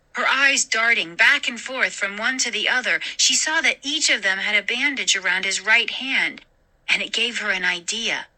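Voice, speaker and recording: A woman host narrating a scary story in a slow, dramatic reading. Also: medium pitch, pushed and bright, poor audio.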